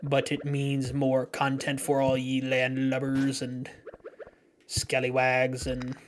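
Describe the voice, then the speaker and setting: Brief: jolly pirate played by a male streamer, slow, halting, lilt slipping Scottish. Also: mid-range voice, monotone, a little hiss or hum, natural voice. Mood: rambling. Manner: halting, hunts for pirate words. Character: jolly male pirate greeting his crew. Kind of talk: playful put-on voice on a game stream.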